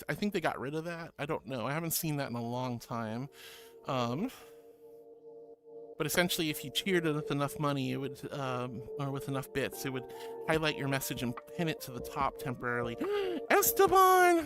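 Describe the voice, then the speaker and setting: A woman streaming and reading her chat aloud, bubbly and sweet, calling viewers sweetie. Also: deep voice. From Florida. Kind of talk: casual chat. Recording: music playing behind.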